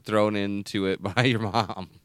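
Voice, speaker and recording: A relaxed man hosts a casual chat, laughing often and asking loose, rambling questions. His voice is smooth and fairly low, recorded dry and close. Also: unhurried, no echo. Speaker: podcast host. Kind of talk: casual interview.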